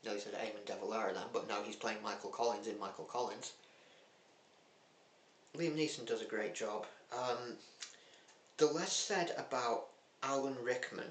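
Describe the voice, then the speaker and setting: A man's voice: mid-range voice, fairly bright tone. A man talking casually and bluntly about films he watched, with a cheeky, chatty manner. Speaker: film vlogger. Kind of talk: casual film review chat. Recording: echoey room with faint hum.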